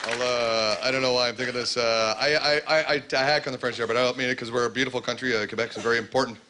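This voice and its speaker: A man from Canada with a mid-range voice and fairly even intonation talks very fast while doing stand-up at a comedy club. His routine rambles, is full of fillers and includes mock character voices, over loud club ambience and crowd noise.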